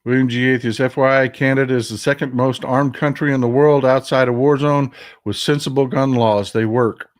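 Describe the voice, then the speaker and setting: Casting note: male live-stream news host, blunt and emotional, mid-pitched, casual commentary. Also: steady tone, normal speed. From Texas. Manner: blunt, emotional, swears, reads viewer comments aloud.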